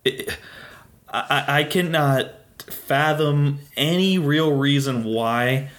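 A man's voice: on the high side, slow, a bit bright. A man co-hosting a casual sports podcast, ranting with exasperation and plenty of profanity. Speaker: podcast co-host.

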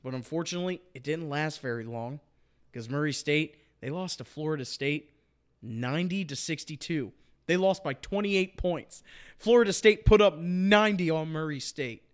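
A man's voice: on the high side, moderate pace. A young man hosting a sports podcast, talking with emphatic passion and repeating his points for effect. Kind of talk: casual sports chat.

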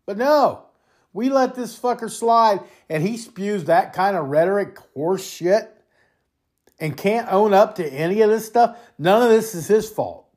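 A host from the United States launches into an angry political monologue, swearing freely and hammering each point. The talk runs hot, with stumbles and repeated words as the speaker gets worked up. The pitch sits in a middle register. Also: expressive, a little slow, a little mellow. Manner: angry, profane, heated ranting. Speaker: podcast host.

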